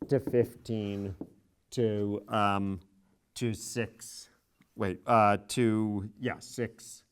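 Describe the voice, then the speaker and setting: A man's voice: mid-range voice, a little hiss or hum. A middle-aged man giving a university chemistry lecture, spelling out each step methodically and stressing key words. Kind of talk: classroom lecture.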